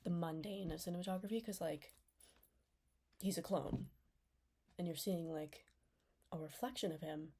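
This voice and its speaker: Speaking at a moderate pace with long pauses, this young woman reviews a TV series in a low, dark voice with fairly even intonation. She rambles, fills her talk with "like," and slips into whispers often, with slight background noise audible.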